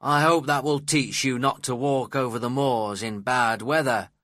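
A man's voice: medium pitch, steady tone, moderate pace, fairly bright tone, dry recording, clean studio sound, natural voice. A man voicing a harsh, inhospitable middle-aged man in a storybook reading, speaking curtly and with scorn. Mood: scornful.

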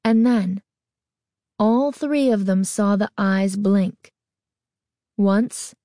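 A woman reads a spooky story aloud at a slow, measured pace. Her tone is mellow and dark. The recording is close and dry. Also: mid-range voice, no echo. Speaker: narrator. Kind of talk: scripted horror story narration.

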